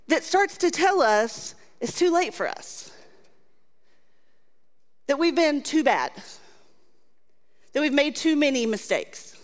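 A woman with a high voice preaches a sermon in an earnest, repeating cadence, slipping into casual asides between scripture passages. Her voice rings out with a long hall reverb around it. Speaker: pastor.

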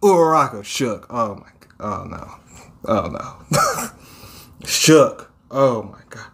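Male reaction host, unhurried, lively voice, laughs and swears between panels. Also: mid-range voice, creaky. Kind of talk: casual reaction commentary.

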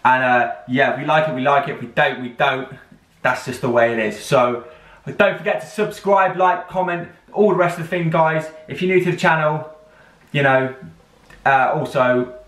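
A man's voice: mid-range voice, moderate pace, a bit bright. A young man hosting a reaction video, talking in a rambling, slangy, upbeat way. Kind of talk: casual reaction vlog chat. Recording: roomy, distant mic.

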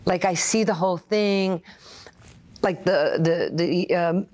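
An older woman from Queens, telling stories as an interview guest, animated and full of fillers and quoted asides. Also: lowish voice, slow pace. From Queens, New York. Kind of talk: casual interview storytelling.

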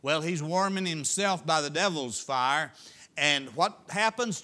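Folksy preacher man with a bright voice. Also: fairly high pitch, unhurried. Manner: folksy, storytelling preacher with dramatic swings from loud to hushed. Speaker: pastor. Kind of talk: sermon. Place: church sanctuary.

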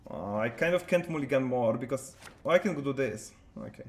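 A medium-pitched, expressive voice moves fairly quickly as the streamer plays a card game live, with a little hiss or hum in the audio. He talks casually with viewers and answers chat between plays, in a roomy, echoey space.

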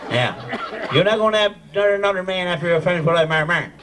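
Newfoundland man, high-pitched, teasing, laughing banter, far mic, loud crowd. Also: expressive, quick pace, noisy background. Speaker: screech-in ceremony leader.

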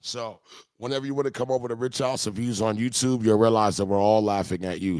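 A man's voice: fairly low pitch, fairly even intonation, a little fast, no echo, studio quality. A man hosting a live-streamed music review, talking in crude, mocking, joking banter. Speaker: host.

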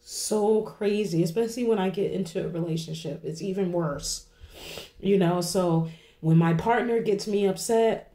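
A woman in her forties, a vlogger, speaks to her viewers in a rambling, emotional way, tearful from crying and frequently asking "okay?" and "you know?". Her voice is warm and on the low side, at a moderate pace, with a reverberant sound.

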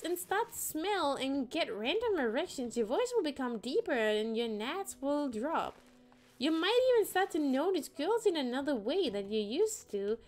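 A woman streamer chatting playfully and rambling as she plays, often singing little ditties to herself. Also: high-pitched. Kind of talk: casual gameplay chat.

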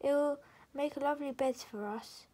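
A woman's voice: sits high, moderate pace, mellow, lightly acted. A woman doing a small cheerful girl fairy. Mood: earnest.

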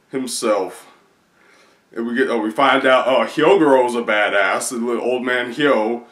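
A man chatting casually as a video creator, rambling excitedly through a recap with many fillers. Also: mid-range voice, normal speed. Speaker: video creator reacting to comics. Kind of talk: casual chat. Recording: roomy echo.

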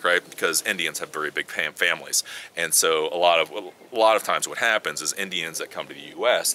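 A man hosting his own video channel, telling a travel story as casual chat, animated and swearing now and then. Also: low voice, a little hiss or hum. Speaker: tech video host.

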